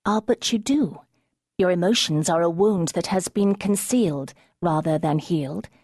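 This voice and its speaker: A woman's voice: moderate pace, a little mellow, slightly rough, no echo. A woman voicing a perceptive, earnest young woman. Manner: urgent, dry, higher than narration.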